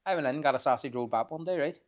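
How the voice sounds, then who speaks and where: A man's voice: on the high side, very fast. Swearing storyteller man. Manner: swears freely, animated anecdotes. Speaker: podcast guest. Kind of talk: casual storytelling chat.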